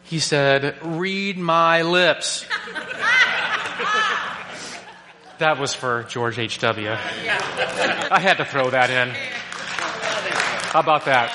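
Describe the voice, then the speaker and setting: A male pastor preaching a sermon, animated and joking, who keeps asking rhetorical questions. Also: mid-range voice, slow, long pauses, a loud crowd, very noisy. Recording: long reverb of a large hall.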